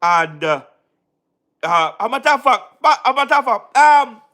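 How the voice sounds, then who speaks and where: A Jamaican man talks in a very high voice with a bright, forceful edge. He gives casual commentary, mocks his subject, laughs often and keeps repeating his phrases. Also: very animated, moderate pace. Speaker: online political commentator.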